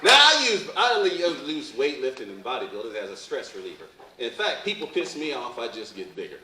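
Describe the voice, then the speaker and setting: Lively stand-up comedian man, roomy stage. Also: medium pitch, brisk, heavy background noise. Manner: loose, joking, asks the crowd questions. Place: live comedy club stage. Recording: roomy live venue from far off.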